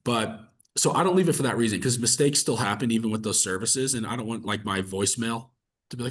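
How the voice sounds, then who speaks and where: Husky male sales coach, conversational and upbeat, mid-pitched. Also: quick pace. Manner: energetic, conversational, fillers like "like" and "right?". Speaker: real estate coach. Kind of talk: coaching session with role-play practice.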